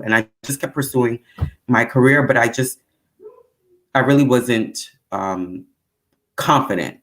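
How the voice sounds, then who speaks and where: A woman with a Brooklyn accent telling stories as a guest, animated and full of acted-out quotes. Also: measured pace, long pauses. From Brooklyn, New York. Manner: animated storyteller, acts out quotes with big pitch swings. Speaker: guest actor. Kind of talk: casual storytelling interview.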